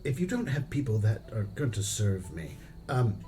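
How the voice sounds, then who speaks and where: A man's voice: fairly low pitch, sing-song, normal speed, dark tone. A man playing a pompous snobbish knight. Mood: haughty. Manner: haughty, giggling, stammering aristocrat. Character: pompous snobbish male knight, vain and entitled. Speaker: player.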